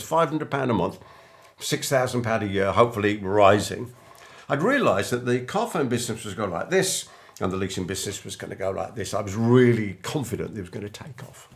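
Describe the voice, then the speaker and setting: Gravelly older man telling a story. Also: mid-range voice. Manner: anecdotal, acts out remembered dialogue. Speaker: business coach. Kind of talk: storytelling monologue to camera.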